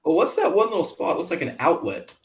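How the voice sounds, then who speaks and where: An easygoing man joins a livestream as co-host and chats casually, laughing along often. His pitch rises and falls freely as he talks. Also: sing-song, fairly quick. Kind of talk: casual chat.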